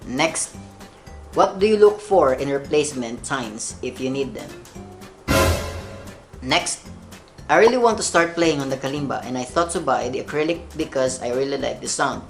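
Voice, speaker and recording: A man's voice: medium pitch, lively intonation, normal speed, pauses often, faint music behind. A young man from the Philippines with a Filipino English accent, hosting a playful question-and-answer video and laughing at his own jokes. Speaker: kalimba channel host. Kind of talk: Q&A vlog.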